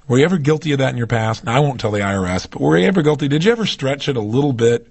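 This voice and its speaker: A man's voice: mid-range voice, expressive, quick pace, vocal fry, a little mellow, slightly rough. A man giving an emphatic motivational seminar talk, often putting rhetorical questions to his audience. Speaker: motivational speaker.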